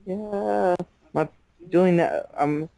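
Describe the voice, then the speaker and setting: A man's voice: sits high, gravelly, warm tone, dry recording, low-quality recording. A man chatting casually as the opponent in an online card game, sheepish one moment and teasing the next. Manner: sheepish, teasing, quick to laugh. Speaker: opponent player.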